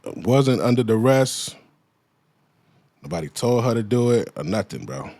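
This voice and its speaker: A man's voice: mid-range voice, very animated, a little slow, darkish tone, dry recording. A man giving a profane, ranting commentary, hammering at the same point with repeated pointed questions. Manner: profane, heated, repeats himself.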